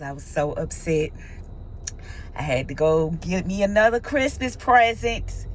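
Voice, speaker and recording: A woman's voice: low voice, unhurried, a little hiss or hum. A woman, talking casually to her vlog audience and venting emphatically, repeating herself. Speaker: vlogger. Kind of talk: casual vlog talk to camera. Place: parked in her truck.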